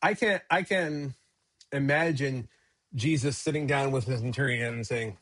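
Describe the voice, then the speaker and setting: A man, a pastor co-hosting a casual Bible discussion, talking in an animated, joking way and acting out quotes in a raised voice. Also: mid-range voice, moderate pace. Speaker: pastor and podcast co-host.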